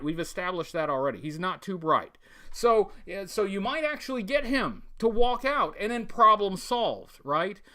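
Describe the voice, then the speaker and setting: A man's voice: high voice, bright, forceful tone. A man hosting a live toy-collector stream, greeting chat viewers by name and rambling with many fillers and restarts. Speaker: livestream host.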